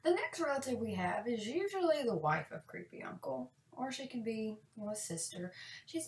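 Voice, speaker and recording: A woman giving sassy, deadpan, folksy comic advice in a monologue. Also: fairly high pitch, normal speed. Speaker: parenting comedy vlogger. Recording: echoey room, distant mic.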